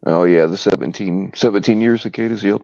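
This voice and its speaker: Deep gravelly man, casual chat. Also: dark tone, no room sound, muffled recording. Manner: halting, laid-back, with many fillers. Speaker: live stream host.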